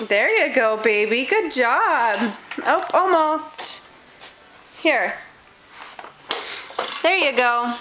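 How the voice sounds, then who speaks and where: A woman coos and coaxes her baby at home in high, bouncing baby talk. She drawls every word slowly, cheering and urging. Music plays clearly in the background. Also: lively intonation, noisy background. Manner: sing-song, coaxing, cheering. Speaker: parent playing with her baby.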